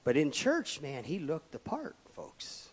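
A man delivers a sermon in a slightly high voice, surging to loud emphasis and falling to murmured asides. His words ring out with the long reverb of a church hall. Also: huge pitch swings, measured pace, slightly rough. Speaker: pastor. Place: church sanctuary.

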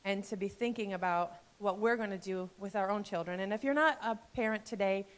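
In a church sanctuary, a pastor's wife in her fifties delivers a heartfelt, earnest message to the congregation in an ordinary mid-pitched voice. She often pauses on soft fillers.

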